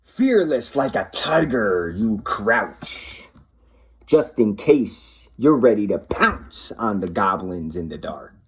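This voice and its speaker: A man, a police officer, reading a children's picture book aloud to schoolkids in a slow, expressive storytelling voice. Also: lowish voice, slight background noise.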